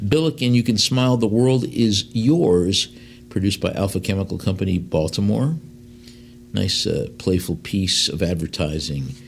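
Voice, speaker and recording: A man working as an auctioneer in a live sale, reading out lot descriptions and then calling bids in quick runs. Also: on the low side, a little mellow, a little hiss or hum. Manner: fast bid calls between slower lot descriptions, with fillers.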